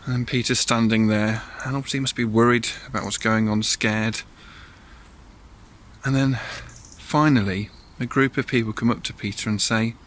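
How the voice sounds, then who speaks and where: A man's voice: mid-range voice, fairly even intonation, moderate pace, a bit bright. A man leading a church all-age talk, telling a Bible story in a chatty way with asides to listeners and acted voices.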